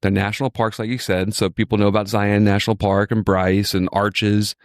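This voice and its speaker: A low-voiced man from Virginia hosts a podcast, chatting with an easy, enthusiastic flow and circling back to repeat his points. The sound is dry and close, with no room around it. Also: little pitch movement, brisk, no room sound. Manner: chatty, repetitive, enthusiastic storyteller. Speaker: injury lawyer, podcast host. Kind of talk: casual podcast chat.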